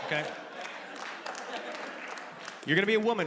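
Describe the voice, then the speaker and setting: Male stand-up comic, forties, high and animated, live in a reverberant venue. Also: fairly quick, a crowd in the background, background noise. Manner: loud animated storytelling with sudden high-pitched yelps. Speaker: stand-up comedian. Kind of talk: stand-up comedy set. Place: theater stage before a live audience.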